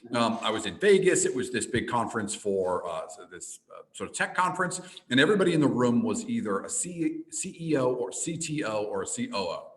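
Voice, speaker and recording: Animated man telling a story. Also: medium pitch, fairly quick, hardly any pauses, rough recording. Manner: animated, with repeated restarts. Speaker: podcast guest, entrepreneur and speaker. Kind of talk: storytelling in a casual interview.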